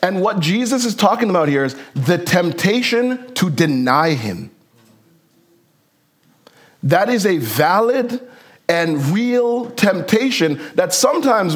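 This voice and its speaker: A man preaching a sermon in a conversational, animated way, acting out Bible characters with casual asides. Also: high-pitched. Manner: conversational, uses slang and fillers. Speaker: pastor.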